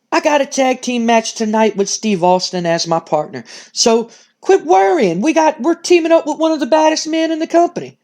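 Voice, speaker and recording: A man voicing an upbeat, laid-back male wrestler who talks in a relaxed, hip, cheerful way. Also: extremely high pitch.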